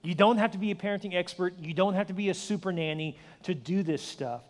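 A man in his forties, a pastor preaching a sermon with energetic storytelling and self-deprecating humor. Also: high voice, quick pace. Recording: long hall reverb.

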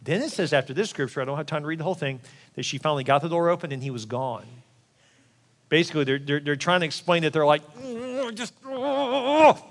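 A man's voice: on the high side, quick pace, fairly bright tone, long reverb tail. A man preaching as a pastor, candid and joking, who acts out the quoted voices of the people he talks about. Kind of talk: sermon.

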